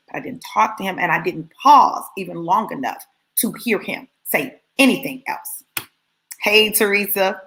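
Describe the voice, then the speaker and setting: A woman giving a casual, animated testimony to live viewers, repeating phrases for emphasis as she tells her story. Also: medium pitch, moderate pace, poor audio. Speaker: motivational speaker addressing live viewers.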